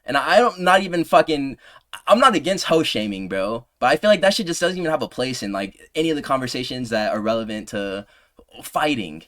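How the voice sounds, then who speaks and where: A man in his twenties ranting heatedly in a commentary video, combative and heavy on profanity, his voice sinking low on trailing asides. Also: expressive, brisk, a bit bright. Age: 20s. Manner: drops pitch on trailing "bro". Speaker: MMA commentary creator.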